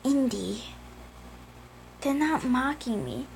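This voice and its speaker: A woman voicing a hurt, weakened young dinosaur brother who speaks softly and faintly. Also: sits high, animated, takes it slowly, gravelly, exaggerated voice. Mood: weak. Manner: soft, quiet and faint.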